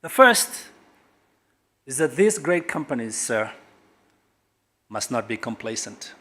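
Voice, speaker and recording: A middle-aged man giving a public speech as a government official, emphatic and dramatic, with big swings in pitch and loudness and long pauses. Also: expressive, breathy edge. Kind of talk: public speech at a corporate launch.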